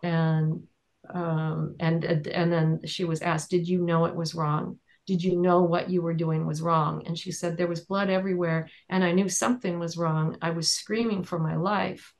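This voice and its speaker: A woman with a low voice and a notably flat, even delivery recounts courtroom testimony. Her tone has a gravelly, creaky texture. She moves haltingly, often pausing on fillers and starting sentences over. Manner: halting, with many fillers and restarts. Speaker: trial observer and advocate.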